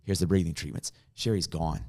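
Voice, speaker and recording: A man, a pastor, tells a personal story in a podcast conversation, earnest and dropping to a hush in emotional moments. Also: sits low, fairly even intonation, a little fast.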